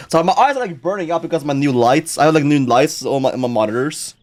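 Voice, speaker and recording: A young man streaming a game in excitable, stammering casual commentary, with frequent swearing and repeated words. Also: on the high side, fast, few pauses, no room sound.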